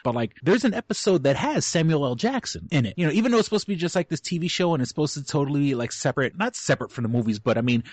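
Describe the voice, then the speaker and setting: Weitschweifiger, kichernder Podcast-Mann. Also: male voice, on the high side, animated, rapid-fire, few pauses, darkish tone, dry recording. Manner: rambling, chuckles often, many fillers. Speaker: podcast co-host. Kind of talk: casual chat.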